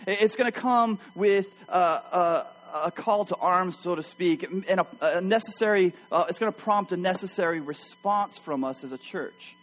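A man preaching a sermon to his church, telling a personal story with animated energy and addressing the congregation directly. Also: high voice, normal speed, hardly any pauses, rough recording. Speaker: pastor.

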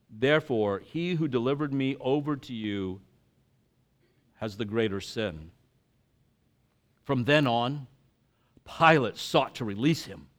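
A man's voice: fairly high pitch, a bit bright. A man reading scripture aloud with dramatic emphasis, then preaching casually to a congregation. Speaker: pastor.

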